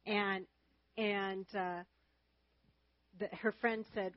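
A woman's voice: medium pitch, steady tone, slow, pauses often, no room sound, dull audio. A woman chatting and telling stories during a church marriage lesson shared with her husband. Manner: chatty, storytelling. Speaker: marriage teacher, co-host with husband.

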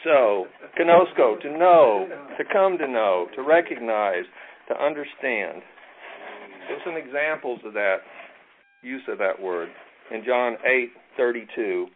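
A man leading a Bible study in a relaxed, self-deprecating way, reading scripture aloud and drawing out key words. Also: medium pitch, takes it slowly, a little hiss or hum. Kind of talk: casual teaching with scripture reading. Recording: tinny phone-like audio.

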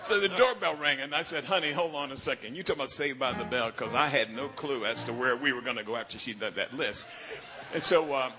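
A bishop in his sixties telling a personal story in a sermon, animated and imitating other preachers' drawling catchphrase. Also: medium pitch, fairly quick.

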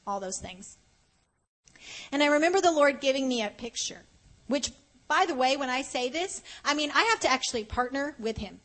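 A woman preaching a conversational sermon at a conference, earnest and animated, slowing down to stress key points. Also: high voice, poor audio. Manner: earnest, animated, often slows for emphasis. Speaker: conference speaker.

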